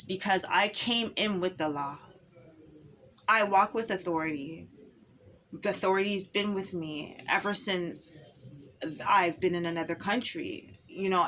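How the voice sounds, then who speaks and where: A woman's voice: lowish voice, fairly bright tone, slight background noise. A woman speaking an impassioned personal monologue, emphatic and repetitive, full of rhetorical questions.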